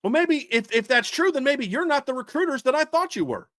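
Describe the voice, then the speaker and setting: Very high-pitched and animated, this man talks a little fast with a slightly bright tone on a dry, studio-quality recording. As a sports podcast co-host, he's fired up about his team's coaching, restarting and repeating himself in a heated rant.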